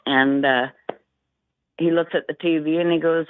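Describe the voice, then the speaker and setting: A woman's voice: low-pitched, steady tone, normal speed, no room sound. A Canadian woman phones in to a talk show and stumbles through her story with lots of ums and uhs. Her voice comes through a narrow, phone-like line with a dry sound. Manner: hesitant, with many fillers. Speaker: caller. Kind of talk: phone-in chat.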